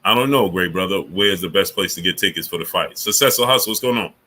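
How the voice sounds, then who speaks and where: A man with a low, bright, forceful voice talks quickly while hosting a casual live stream. He greets viewers by name and grumbles indignantly about the platform.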